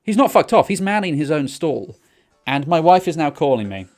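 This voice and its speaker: A man's voice: moderate pace, faint music behind. A young man, co-hosting a podcast and telling a rambling, sweary story in casual chat. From England. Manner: rambling, sweary storytelling with excited pitch jumps. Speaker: podcast co-host.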